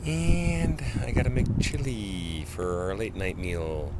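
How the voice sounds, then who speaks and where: A man's voice: on the low side, slow pace. A middle-aged man narrating a casual vlog from behind his camera, teasing friends in a mock-formal, playful way. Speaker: vlogger filming friends. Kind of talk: casual joking vlog commentary. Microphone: handheld camera. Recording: noisy handheld camera audio.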